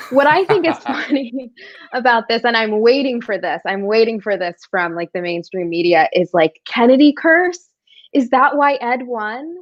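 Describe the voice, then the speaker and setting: A woman's voice: fairly high pitch, measured pace, dry recording. Chatty woman on dull, dry lo-fi audio. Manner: chatty, loose, lots of "like". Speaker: co-host. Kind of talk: casual political chat.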